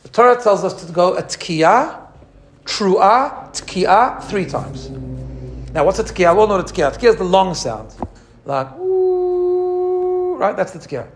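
Guy with a high voice teaching a religious lesson, animated, mimics sounds. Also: unhurried. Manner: animated, imitates shofar sounds, restarts often. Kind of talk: teaching talk.

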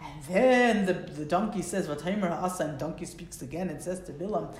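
A woman's voice: on the low side, normal speed, darkish tone. Emphatic woman teaching in a roomy space. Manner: emphatic, repeats words for stress; reads Hebrew verses then translates. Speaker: Torah teacher. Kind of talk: Bible class explaining verses. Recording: roomy echo.

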